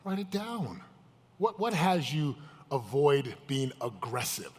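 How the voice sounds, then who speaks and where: A man's voice: mid-range voice, big pitch swings, slow pace, breathy edge. Emphatic male seminar speaker, echoey hall. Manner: emphatic, questions the crowd directly. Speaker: motivational speaker. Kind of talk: live seminar talk to an audience. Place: large event hall with live audience. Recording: echoey hall, live event.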